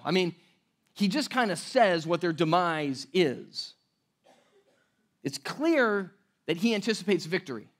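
Male pastor, high-pitched, relaxed conversational preaching with light laughs and restarts. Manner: conversational, laughing asides, repeats words. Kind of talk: sermon.

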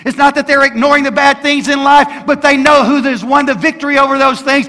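A man's voice: very high voice, level tone, a little fast, hardly any pauses, bright, forceful tone. A man in his sixties preaching a sermon as pastor, emphatic and quizzing the congregation with questions. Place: church sanctuary. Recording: long hall reverb in a church.

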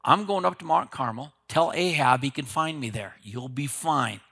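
A man voicing a calm, commanding prophet who gives orders in a firm, matter-of-fact way. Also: medium pitch, moderate pace, gravelly, slightly rough, exaggerated voice. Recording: long hall reverb.

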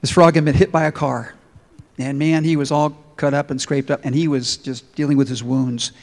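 A man preaching a sermon with emphasis, telling stories as he goes. His voice sits a little high for a man. His words trail off into a long hall reverb. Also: steady tone, moderate pace, a little mellow. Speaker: pastor.

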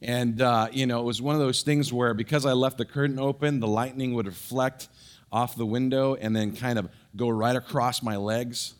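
A middle-aged man pastor giving a sermon, telling a personal story in an animated way with many restarts and fillers. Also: mid-range voice, moderate pace.

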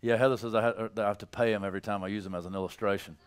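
A man preaching a sermon, telling stories about his children, laughing at his own tales and building to loud emphasis. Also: lowish voice, steady tone, very fast, clear, resonant tone. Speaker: pastor.

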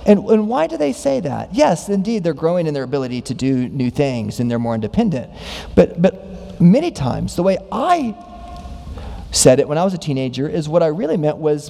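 A man preaching a sermon, asking many rhetorical questions and acting out quoted voices with big pitch jumps. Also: big pitch swings, normal speed, vocal fry, mellow. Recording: long hall reverb.

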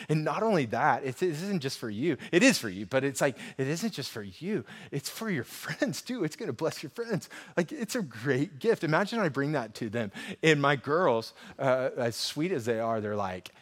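Higher-voiced male pastor preaching conversationally. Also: lively intonation, moderate pace, few pauses. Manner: conversational storytelling with rising urgent emphasis. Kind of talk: sermon.

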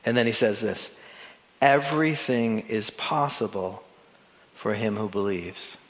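A pastor preaching a sermon, animated, shifting between loud emphasis and soft drawn-out phrases, with playful asides to his congregation. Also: on the low side. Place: church sanctuary. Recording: long hall reverb from a church.

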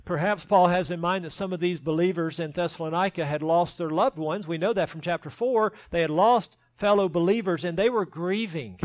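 High-voiced preaching man, dry close sound. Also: brisk, hardly any pauses, dry recording. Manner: earnest preaching with rising emphasis and self-deprecating humor. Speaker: pastor. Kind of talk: sermon.

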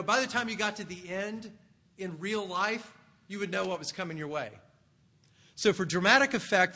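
A man preaches in a conversational, explaining manner, his voice sitting high with a bright, forward tone. Long reverb from a large church sanctuary hangs after each phrase. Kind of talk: expository sermon.

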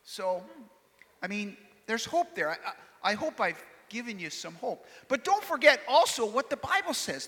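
A man's voice: high voice, sharp tone, full character voice. A man playing a courtly old-world shopkeeper in a live church skit, earnest and quaint in his phrasing, recorded in a reverberant hall. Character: courtly old-world male shopkeeper, puzzled by modern things.

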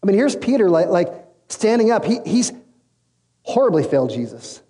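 A high-voiced pastor speaks at a moderate pace to a crowd in a big, echoing room. His sermon unfolds as relaxed storytelling full of slang, and he performs each quoted character with lively voices.

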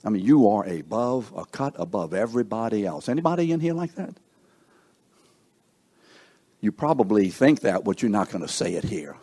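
A middle-aged man preaching a sermon, slow and emphatic, asking the congregation rhetorical questions. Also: expressive, warm tone, husky. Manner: slow, emphatic preaching with wide swings in pitch and volume.

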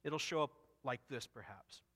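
A man's voice: medium pitch, normal speed, fairly bright tone, in a large hall. A man preaching an expository sermon, earnest and emphatic, often repeating and restarting phrases. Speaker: pastor.

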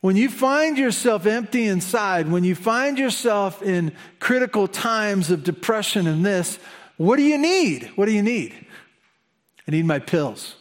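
A man preaching a sermon as pastor, animated and conversational, with humorous asides. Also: high voice, unhurried.

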